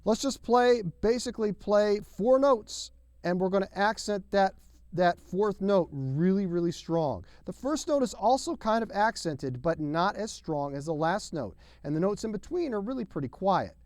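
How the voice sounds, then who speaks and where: A man's voice: high voice, expressive, normal speed, a little mellow, no room sound. A man teaching a drum lesson to camera in an upbeat, folksy, emphatic way, sometimes singing drum syllables. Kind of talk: video lesson.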